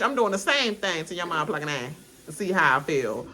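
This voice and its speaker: A woman hosting a casual reality TV reaction video, animated and laughing, loudly mimicking the cast as she comments. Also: on the low side, brisk. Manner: animated, laughing, mimics cast members with loud yelled names.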